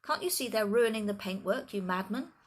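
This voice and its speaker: A pompous rich man bellows insults at everyone around him, as a woman puts him on. He is loud and blustering, a storybook villain full of outrage. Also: mid-range voice, expressive, a little fast, pitched above the performer's own voice, close to an everyday voice. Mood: furious.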